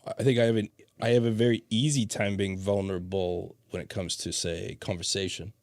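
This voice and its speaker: A man's voice: fairly low pitch, steady tone, a little fast, darkish tone, dry recording, clean studio sound. A man hosting a podcast, chatting casually, swearing freely and telling stories with laughter. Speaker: podcast host. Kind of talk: casual chat.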